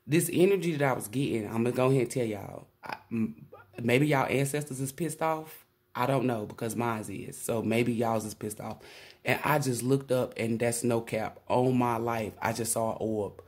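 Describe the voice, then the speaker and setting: A woman giving a casual tarot reading to camera, excitable and profane, rambling with frequent restarts. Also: a bass voice, moderate pace, husky. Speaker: tarot reader.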